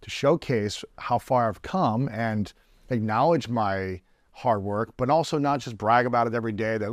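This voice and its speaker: A man's voice: mid-range voice, normal speed, dry recording, studio quality. A man hosting a podcast, asking earnest, probing questions. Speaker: podcast host. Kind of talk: interview questions.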